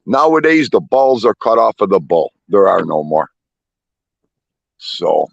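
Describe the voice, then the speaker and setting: A man's voice: fairly low pitch, sing-song, a little slow, gravelly, no echo, muffled recording. A man in a casual chat, talking bluntly in an old-school way. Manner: blunt old-school talker, swears freely.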